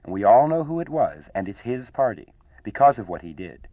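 A man's voice: medium pitch, big pitch swings, a little fast, no echo, natural voice. A man reading aloud, voicing a young boy who earnestly announces a party in a storybook reading, on a dull lo-fi archive radio recording.

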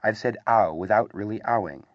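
A man voicing a gentle, muddled young male teddy bear who muses earnestly and bemusedly. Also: fairly low pitch, moderate pace, no echo, natural voice. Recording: slightly dull, dry recording.

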